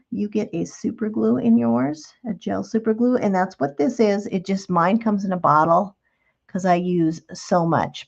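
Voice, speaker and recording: Female craft host, low gravelly voice, chatty and patient demo, dull lo-fi sound. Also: a little mellow. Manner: chatty, patient, talks while working with hands. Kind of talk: relaxed step-by-step craft demonstration.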